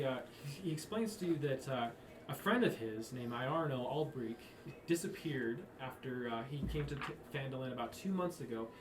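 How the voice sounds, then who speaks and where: A man narrating a tabletop game as game master, rambling with frequent restarts. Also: mid-range voice. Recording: echoey room with faint noise.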